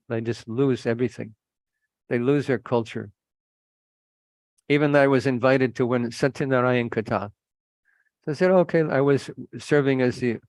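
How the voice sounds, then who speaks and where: A man's voice: medium pitch, no room sound. A man preaching a sermon, earnest and admonishing, telling stories to make his points. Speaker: preacher, monk. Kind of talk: sermon with anecdotes.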